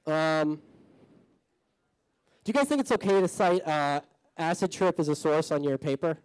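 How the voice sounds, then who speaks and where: A man emceeing a comedy show, joking loosely and deadpan with lots of filler words. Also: on the high side, moderate pace, clear, resonant tone, dry recording, rough recording. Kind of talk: stand-up emcee banter.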